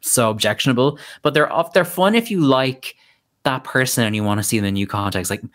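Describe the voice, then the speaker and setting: A man chatting as a podcast guest, full of quick asides and playful tangents. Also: mid-range voice, expressive, a bit bright. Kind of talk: casual podcast chat.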